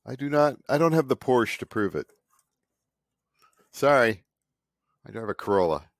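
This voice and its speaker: A man's voice: mid-range voice, animated, moderate pace, no echo, studio quality. A man in his fifties, an artist vlogger, talking in a cranky, sarcastic, rambling way and mocking other people. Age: 50s. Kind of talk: casual rambling monologue. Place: home studio.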